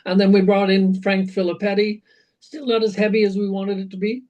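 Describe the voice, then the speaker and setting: A man, a rock singer being interviewed, telling animated anecdotes full of fillers and restarts. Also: high voice, a little fast, dull audio. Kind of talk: casual interview storytelling.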